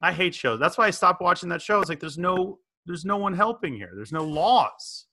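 Animated, jokey man hosting a podcast. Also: high voice, normal speed. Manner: jokey, animated, slips into impressions. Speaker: podcast host. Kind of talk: casual chat.

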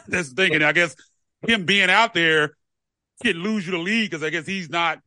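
A man's voice: on the high side, moderate pace, sharp tone, no echo. A man co-hosting a sports podcast, talking in a rambling, easygoing way with repeated words. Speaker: podcast co-host. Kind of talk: casual sports chat.

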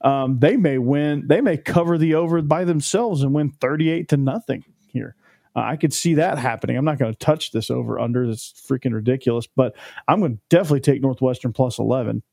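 A man's voice: mid-range voice, brisk, creaky, warm tone, no room sound, studio quality. A man co-hosting a casual sports podcast, giving blunt, emphatic opinions on picks. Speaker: podcast co-host.

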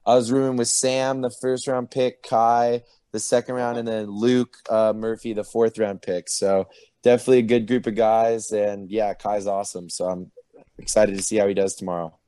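A young man in his twenties from California, talking in a relaxed way with lots of fillers over a video call. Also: lowish voice, normal speed, smooth, no room sound. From Oceanside, California. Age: 20s. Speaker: guest. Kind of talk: casual interview.

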